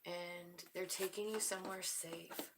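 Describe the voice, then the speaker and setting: A woman giving a spiritual tarot reading, soft-spoken and emotional, often dropping to a whisper. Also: lowish voice, steady tone, a little slow, creaky, very noisy. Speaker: tarot reader.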